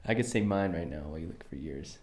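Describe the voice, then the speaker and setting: A man's voice: low-pitched, lively intonation, fast talker, noisy background. A young man in his twenties from Kentucky with a Southern twang, co-hosting a podcast in casual, joking chat full of filler words. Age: 20s. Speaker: podcast co-host.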